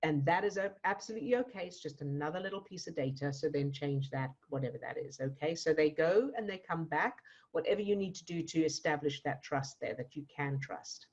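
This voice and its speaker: A woman coach guiding a client in a one-to-one session, gentle and reassuring, asking questions. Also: sits low, fairly quick, few pauses, dull audio. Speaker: emotional fitness coach.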